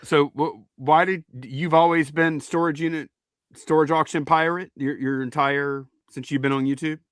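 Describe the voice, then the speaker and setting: A man hosting a podcast, speaking in a halting, thoughtful way with many restarts. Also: fairly high pitch, fairly even intonation, fairly bright tone, clear, resonant tone, no echo, clean studio sound. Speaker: podcast host. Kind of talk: casual podcast chat.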